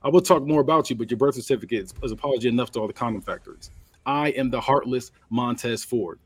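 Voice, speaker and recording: A man's voice: mid-range voice, fast, husky, no echo, lightly acted. A man voicing a brash, trash-talking male wrestling champion, boasting in an improvised promo. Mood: cocky. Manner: cocky, boastful trash talk.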